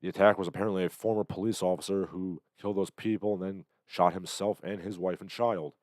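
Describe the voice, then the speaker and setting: A man hosting a livestream, commenting on the news in a sardonic, halting way with lots of fillers, still getting over an illness. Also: sits low, fairly even intonation, a little mellow, no echo. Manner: sardonic, hesitant with many fillers. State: recovering from illness, coughing. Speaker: livestream host.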